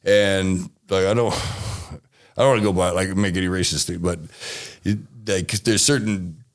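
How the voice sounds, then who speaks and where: A man's voice: low voice, fairly even intonation, measured pace. A man from Texas telling a rambling, swearing story as an interview guest.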